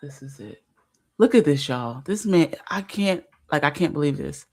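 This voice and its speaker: A woman hosting a casual livestream, talking emphatically, repeating herself and filling pauses with fillers. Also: sits low, animated. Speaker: livestream host.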